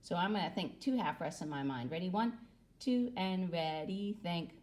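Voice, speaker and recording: A woman's voice: on the low side, lively intonation, moderate pace, darkish tone. A woman music teacher gives a recorder lesson to children, patiently adding "okay?" after nearly every phrase.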